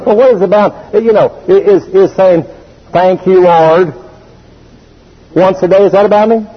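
A man preaches in a fairly high, husky voice, pressing hard on his key points. He calls out for the congregation to repeat words after him. The recording is dull and lo-fi. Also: brisk. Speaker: pastor. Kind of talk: sermon.

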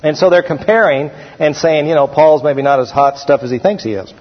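A middle-aged man preaching a sermon as pastor, slowing down and stressing the scripture verses he reads aloud. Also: a little high. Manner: preaching with slowed, emphatic scripture reading. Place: church sanctuary. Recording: dull, hall-echoed church recording.

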